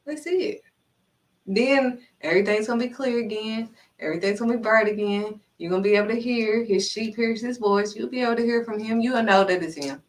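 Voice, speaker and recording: A woman giving a casual inspirational faith talk as a vlogger, animated and acting out dialogue as she speaks. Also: a little high, brisk, recorded from a distance, poor audio. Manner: animated, acts out quoted dialogue.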